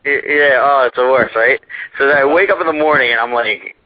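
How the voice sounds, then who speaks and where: A man's voice: medium pitch, brisk, no room sound. Rambling, profane young man telling a story. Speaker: guest. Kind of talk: casual storytelling. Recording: muffled dry internet radio.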